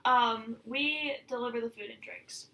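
A woman's voice: a little high, a little slow, bright, forceful tone, rough recording. A young adult woman guest on a podcast, chatting in a laid-back, offhand way. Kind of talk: casual podcast chat.

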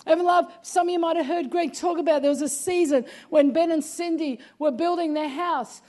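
Woman pastor, very high voice, emphatic sermon delivery, repeats "come on". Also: brisk, warm tone. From Australia. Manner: emphatic, repeats "come on", often raises her voice.

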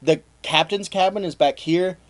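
A young man co-hosting a casual history podcast, telling the story in a relaxed way with swearing and acted-out quotes. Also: high voice, normal speed. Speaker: podcast co-host.

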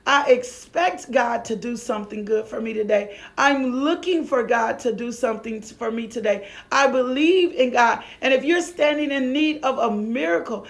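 Fervent woman preacher with gravelly voice. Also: fairly high pitch, normal speed, few pauses. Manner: fervent, repetitive calls, breaks into tongues. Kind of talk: sermon.

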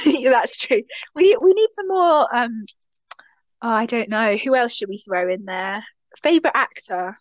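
A woman's voice: a little high, expressive, a little slow, dry recording. A young woman, co-hosting a podcast in casual chat, giggly and chatty with lots of fillers. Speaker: podcast co-host.

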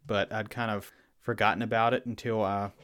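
Southern-accented Virginia man, unhurried. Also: on the low side, little pitch movement, a bit bright, clear, resonant tone. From Virginia, USA. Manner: thoughtful, unhurried, restarts phrases. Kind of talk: casual podcast conversation.

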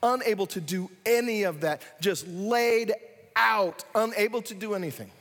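A man preaching a sermon, animated, acting out scenes with sudden loud excited bursts. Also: high-pitched, normal speed, big-room sound, soft background music. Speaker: pastor.

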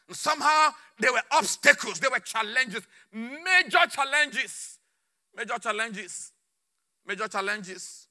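A man preaching a sermon with fervor, repeating phrases and swinging between shouts and low murmurs. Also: moderate pace.

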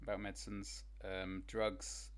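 A man's voice: low-pitched, monotone, a little slow. A man appearing as a podcast guest, dry and understated. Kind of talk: casual chat.

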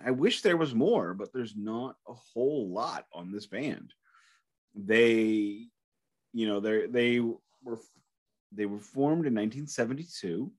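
A man co-hosting a music podcast in casual chat, conversational and asking curious questions. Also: lowish voice. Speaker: podcast co-host.

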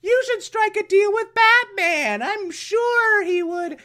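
A man voicing a coy femme fatale woman in a high falsetto, drawing the words out. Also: animated, slow pace, bright, forceful tone, exaggerated voice. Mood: persuasive.

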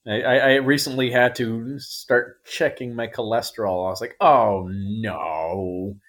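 A man talking as a podcast guest in a casual, jokey, animated way. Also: mid-range voice, moderate pace. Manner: animated, jokey, drops into silly voices. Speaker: guest actor.

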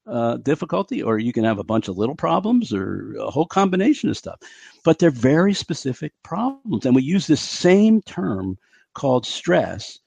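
A middle-aged man talks as a guest on an interview show, explaining with blunt emphasis and acting out quotes along the way. His voice sits at an ordinary pitch for a man. The recording is dry and close, with no room sound. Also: vocal fry, a little mellow, breathy edge, dry recording. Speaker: podcast guest, physician and stress expert.

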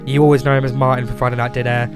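A man talks in casual podcast chat, blunt and full of swearing. He stumbles through ums and restarts as he goes. Guitar music plays clearly behind him. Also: medium pitch, level tone, very fast. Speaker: podcast co-host.

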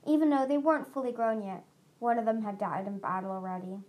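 A woman's voice: mid-range voice, steady tone, fast talker, a little mellow. A woman narrating a storybook aloud, reading steadily with small slips and restarts. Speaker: audiobook reader.

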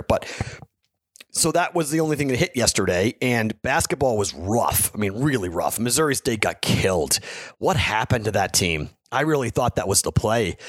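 A man's voice: medium pitch, dry recording, clean studio sound. A man hosting a sports betting podcast, talking casually and frankly, frustrated and rambling with restarts. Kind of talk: casual solo podcast talk.

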